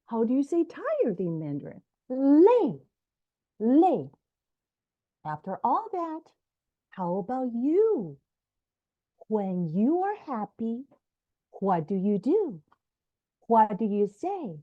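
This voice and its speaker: Woman author, high and very animated storybook reader, slow and deliberate, lo-fi sound. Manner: animated storybook reading with Mandarin words. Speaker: children's book author. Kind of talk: reading a picture book aloud.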